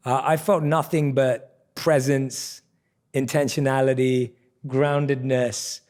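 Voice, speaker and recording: A man hosting a podcast, talking in a warm, reflective, gently joking way. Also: medium pitch, flat delivery, takes it slowly. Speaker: podcast host. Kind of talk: interview conversation.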